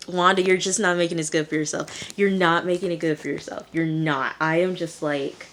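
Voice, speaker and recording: A woman's voice: on the low side, steady tone, moderate pace, slight background noise. A woman giving a casual recap of a TV episode, exclaiming and talking straight to her viewers. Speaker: TV episode reviewer.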